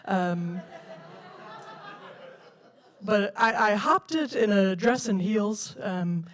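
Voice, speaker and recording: A woman's voice: medium pitch, extremely slow. A young woman from Denver doing a stand-up routine with a quirky, lilting, self-described silly way of talking. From Denver, USA. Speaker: stand-up comedian. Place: comedy stage before a live audience.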